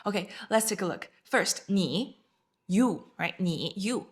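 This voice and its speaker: A woman's voice: medium pitch, lively intonation, breathy edge. A woman teaching a beginner Chinese class, patiently repeating each word and checking in with her learners. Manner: patient, repeats words slowly. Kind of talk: language lesson.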